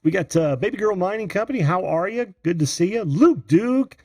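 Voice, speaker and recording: A man hosting a live call-in stream, his gravelly voice swinging up and down as he chats and greets viewers by name. He laughs often and keeps it loose. The sound is dry and close, with no room echo. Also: sits high, animated, brisk, darkish tone. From Indiana. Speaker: host of a live video call-in show. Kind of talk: casual live-stream chat.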